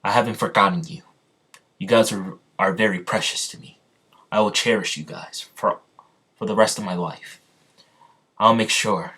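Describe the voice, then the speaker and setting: Gruff confused young fighter guy, read by a man, flat halting lines, lowish voice. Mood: earnest.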